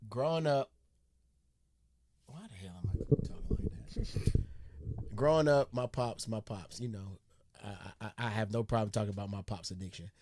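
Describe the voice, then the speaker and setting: A man hosting a reaction video, chatting casually in a relaxed, slang-heavy way about his father. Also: fairly low pitch, moderate pace. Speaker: reaction channel host.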